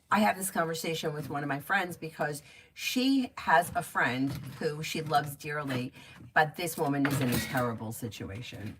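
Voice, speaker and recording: A woman's voice: sits low, a little hiss or hum. A middle-aged woman chatting casually at home on a livestream, laughing easily and telling stories before giving tarot readings. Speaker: tarot reader. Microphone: phone or webcam stream.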